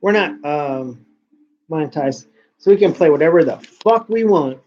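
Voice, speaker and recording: A man's voice: on the high side, expressive, moderate pace, darkish tone, a little hiss or hum. A man hosting a casual talk show, ranting and rambling with lots of swearing. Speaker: podcast host. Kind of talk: casual rant. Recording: dull lo-fi sound.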